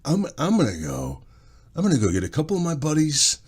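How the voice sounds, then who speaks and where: A man's voice: a little high, huge pitch swings, a little fast, darkish tone, slightly rough, pitched above the performer's own voice, heavily acted. A man voicing an aimless twenty-seven-year-old who still lives at his mom's house, in a slack, rambling drawl. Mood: smug.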